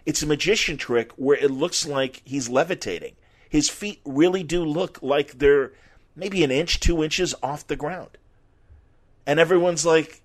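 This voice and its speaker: A middle-aged man, a podcast host, telling an anecdote in an animated, casual way and acting out quotes. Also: on the high side, normal speed. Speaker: podcast host and former sports reporter.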